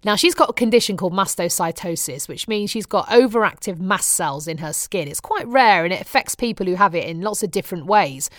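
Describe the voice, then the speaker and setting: A woman's voice: mid-range voice, animated, fairly quick, hardly any pauses, no room sound. Brief: middle-aged British woman, wry chatty presenter, dry close sound. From Britain. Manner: wry, chatty storytelling with frequent laughs. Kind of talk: chatty personal diary monologue.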